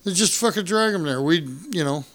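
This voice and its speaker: A man tells a wild story on a podcast, swearing freely and acting out each quote. His voice sits somewhat high. He keeps the story rolling. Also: brisk. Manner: profane, animated, acts out quotes. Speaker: guest storyteller. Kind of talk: casual storytelling.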